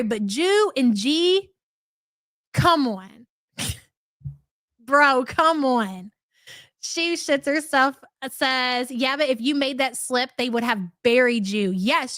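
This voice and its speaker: A woman's voice: sits high, pushed and bright, dry recording, clean studio sound. A middle-aged woman hosting a live reaction stream, talking bluntly and profanely with scornful laughs. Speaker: host.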